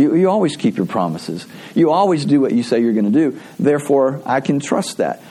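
A man's voice: mid-range voice, animated, brisk, hardly any pauses, dark tone. A middle-aged man preaching a sermon as pastor, in a conversational, storytelling way.

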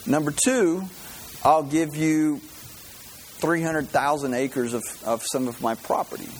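A man's voice: a little high, takes it slowly, a little hiss or hum, rough recording. A man preaching a sermon as pastor, in a folksy storytelling way with many fillers and restarts.

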